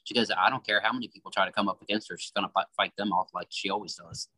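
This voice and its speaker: A man's voice: fairly low pitch, fairly even intonation, racing, bright, forceful tone, dry recording, poor audio. A man guest, a psychic medium, giving a reading and earnestly relaying quoted messages. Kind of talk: giving a spiritual reading in conversation.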